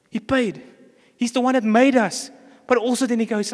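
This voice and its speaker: South african preacher guy, high voice, long echo in the church, acts out the story bits. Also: animated, a little fast. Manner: storytelling, acts out characters' lines. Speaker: pastor. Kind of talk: sermon. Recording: reverberant church hall.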